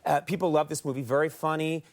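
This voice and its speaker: A man's voice: fairly high pitch, fairly even intonation, fast talker, darkish tone. A man hosting a late-night talk show, teasing and joking with his guest in front of a studio audience. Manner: jokey, teasing, playful. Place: television studio with live audience. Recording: audience noise and studio clatter.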